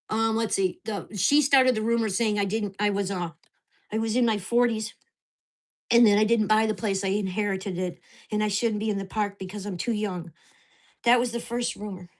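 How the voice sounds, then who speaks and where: A woman's voice: mid-range voice, moderate pace. A woman in her sixties, venting to camera at home in an agitated, swearing rant. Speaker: vlogger. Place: at home in a mobile home park.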